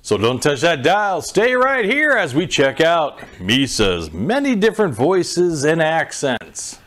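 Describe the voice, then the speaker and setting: A man opens his channel with an upbeat intro, his voice rising and falling a lot. His pitch sits a bit high for a man, and he rattles off the promo lines quickly. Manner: lively, quick promo patter. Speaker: channel host.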